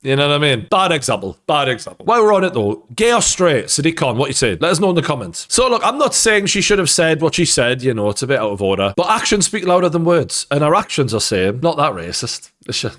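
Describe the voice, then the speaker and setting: Lively Geordie man joking through commentary. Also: fairly high pitch, fast, hardly any pauses. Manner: irreverent, joking, crude asides; chatty, with many tangents. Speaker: host of a commentary channel. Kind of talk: reaction commentary.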